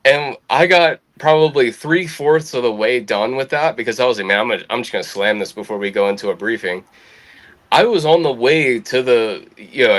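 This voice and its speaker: A young adult man telling a military story as a podcast guest, casual, swearing freely, quoting others in livelier voices. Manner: lively anecdotal, swears freely, quotes others with rising pitch.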